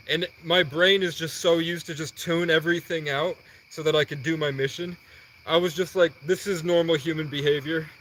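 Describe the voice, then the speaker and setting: Slight background noise sits under a somewhat high young man's voice on a livestream. He rambles through a lengthy personal tale, animatedly acting out conversations and quoting others in fast back-and-forth.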